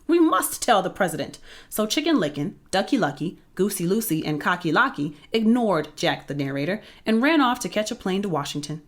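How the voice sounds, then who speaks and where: A woman reading a children's picture book aloud in a playful, expressive storytelling voice. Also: medium pitch, a little fast, few pauses.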